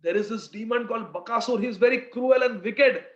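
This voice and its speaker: A man voicing a gentle, confident mother of five sons in a retold scripture story. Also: extremely high pitch, brisk, voice pushed up. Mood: reassuring. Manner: soothing, confident. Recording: roomy, slightly dull recording.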